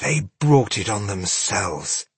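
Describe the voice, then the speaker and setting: A man voicing a fierce, cunning female elf warrior who speaks sharply and scornfully, with a husky voice. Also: fairly low pitch, animated, slow pace, no room sound, exaggerated voice. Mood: gleeful.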